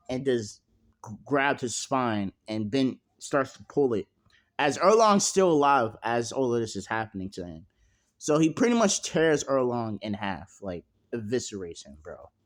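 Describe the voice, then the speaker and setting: A young man narrating a fan-made story at home in a casual, rambling way, full of fillers and slang and freely swearing. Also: medium pitch.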